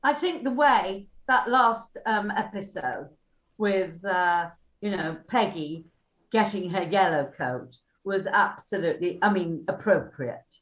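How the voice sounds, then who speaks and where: Lively older Welsh woman telling stories. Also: mid-range voice, takes it slowly. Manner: lively storyteller, acts out quotes. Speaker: actress at a cast reunion panel. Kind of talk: anecdotal casual chat. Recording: echoey room.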